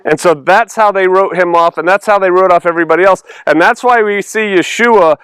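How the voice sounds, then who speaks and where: A man's voice: high voice, a little fast, a bit bright, clean tone, dry recording. A male pastor teaching through a Bible passage in a conversational way, acting out the dialogue with sarcastic voices and laughter.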